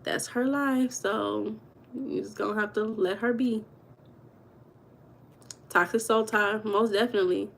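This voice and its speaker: A woman's voice: medium pitch, fairly even intonation, unhurried, gravelly, pauses often, a bit bright. A woman hosting a casual livestream, chatting and gossiping with her viewers and reading their comments aloud. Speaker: livestream host.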